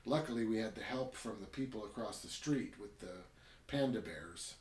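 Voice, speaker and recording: A man voicing a male teddy bear in a retold story, a quietly ruthless leader speaking calmly and plainly. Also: on the low side, moderate pace, echoey room, far from the mic, close to an everyday voice.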